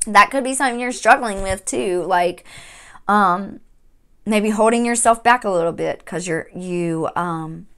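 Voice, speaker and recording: A woman hosting a tarot reading, speaking in a gentle, encouraging way with frequent fillers and restarts. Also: medium pitch, unhurried, clear, resonant tone. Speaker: tarot reader. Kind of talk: monthly tarot reading to camera.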